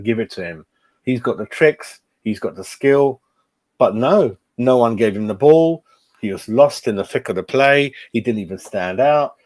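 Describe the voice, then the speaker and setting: A man's voice: mid-range voice, darkish tone. Middle-aged man, live stream host, casual and distracted chatter. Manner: chatty, distracted, muttering while fiddling with a computer. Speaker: fan channel host.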